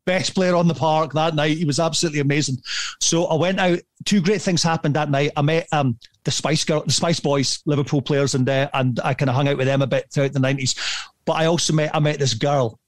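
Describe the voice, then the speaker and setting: A middle-aged man telling a rambling, animated story as a podcast guest, swearing freely and laughing at himself. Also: a little high, brisk, no room sound. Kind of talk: casual anecdote telling.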